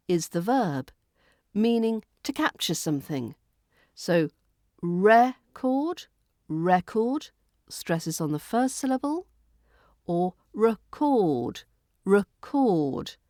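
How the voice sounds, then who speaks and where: A woman with a British RP accent, hosting a pronunciation lesson in a slow, carefully articulated and instructive way. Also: on the low side, a little mellow, no room sound, studio quality. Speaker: accent coach and podcast host.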